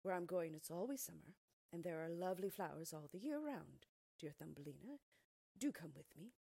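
A woman voicing a gentle, grateful swallow in a storybook, speaking tenderly and coaxingly in a husky voice. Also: on the low side, lively intonation, moderate pace, no echo, heavily acted.

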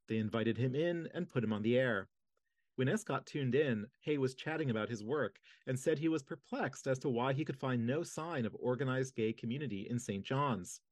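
A man reads a history book aloud in a measured, steady way at a middle pitch. The recording is dry and close, with no room sound. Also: no echo. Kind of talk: audiobook-style reading.

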